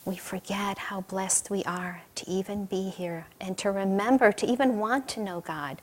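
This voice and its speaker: A woman with a mid-range voice at normal speed preaches a sermon, telling stories conversationally, laughing lightly and questioning the audience. She's a warm spiritual teacher, and the recording carries a little hiss or hum.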